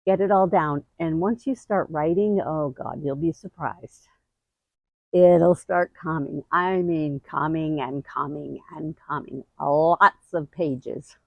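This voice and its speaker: Middle-aged woman, earnest and emotional grief-advice host, slow unhurried delivery, dry close sound. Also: vocal fry, no echo, narrow, tinny audio. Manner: earnest, emotional, expressive, with sudden high bursts. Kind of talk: heartfelt talking-to-camera advice.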